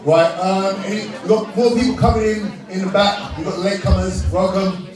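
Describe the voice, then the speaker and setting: A British man hosting an awards night who jokes with the audience, laughs often and shouts out to the room. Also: high-pitched, steady tone, fairly quick. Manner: joking, laughing, shouting out to the crowd. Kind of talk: live crowd-work emcee banter. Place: large indoor event hall with a live crowd. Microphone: handheld microphone. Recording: echoey hall, distant mic, crowd noise.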